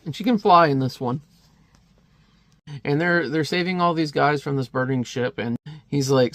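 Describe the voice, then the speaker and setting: A man's voice: on the high side, moderate pace, pauses often, a bit bright, dry recording. A man casually reviewing a comic, chatty and wry, with many fillers.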